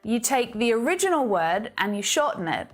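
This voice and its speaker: A woman with an Australian accent, giving an upbeat, scripted English lesson and explaining things clearly. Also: a little high, very animated, moderate pace, soft background music. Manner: upbeat and explanatory, with light laughs. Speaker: English teacher.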